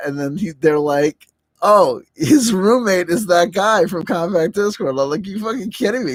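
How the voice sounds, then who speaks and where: A man's voice: fairly high pitch, no echo. A man casually telling a rambling, profane story on a livestream, full of restarts and fillers and laughing as he goes. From New Jersey. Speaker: livestream host.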